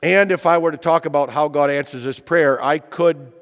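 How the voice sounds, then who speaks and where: A man's voice: a little high, moderate pace, big-room sound. A man preaching a sermon, earnest and emphatic, asking his listeners rhetorical questions. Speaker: pastor.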